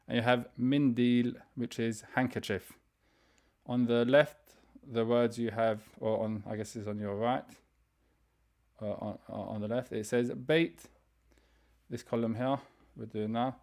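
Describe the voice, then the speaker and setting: A man teaching an online beginner's language class, explaining grammar step by step and reading vocabulary slowly for students to repeat. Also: mid-range voice, steady tone, darkish tone. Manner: explains step by step, reads words slowly for repetition; frequent fillers and restarts, conversational. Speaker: Arabic teacher.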